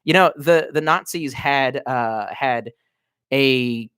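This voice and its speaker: A man's voice: mid-range voice, slow pace, fairly bright tone, smooth, no echo, studio quality. Tipsy man ranting on a livestream. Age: 30s. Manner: rambling, profane, sardonic. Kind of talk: casual livestream rant. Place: cramped bedroom at home.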